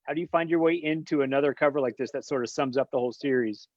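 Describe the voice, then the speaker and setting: A man moderating a casual panel chat, upbeat, brisk and guiding. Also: medium pitch, dry recording. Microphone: video call. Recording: dull lo-fi video call audio.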